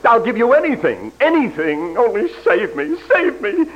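Frantic doomed client, high and jumpy, begging for help; hissy old broadcast. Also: male voice, sing-song, moderate pace, heavily acted. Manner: frantic, pleading. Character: panicky male client doomed to die at midnight. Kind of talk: 1980s live radio comedy sketch. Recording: dull old radio broadcast with clear hiss.

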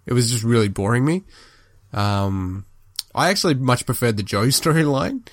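A man's voice: medium pitch, expressive, moderate pace, no echo, clean studio sound. A man casually recapping a TV episode on a podcast, chatty and laughing now and then. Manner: chatty, recounts scenes with laughs and acted quotes. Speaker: podcast co-host. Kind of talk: casual chat recapping a show.

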